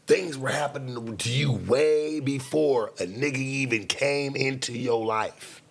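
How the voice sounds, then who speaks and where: A man hosting a late-night show, talking in a blunt, profane casual monologue with sudden loud outbursts. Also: medium pitch, unhurried, creaky.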